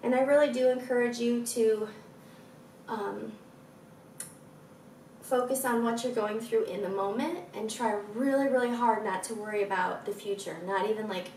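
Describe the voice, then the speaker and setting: A woman's voice: a little high, steady tone, normal speed, a little mellow, reverberant, recorded from a distance. A woman in her thirties with a froggy, scratchy throat, guiding a stretching routine and chatting encouragingly between cues. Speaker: fitness instructor. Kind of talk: guided stretching with chatty asides.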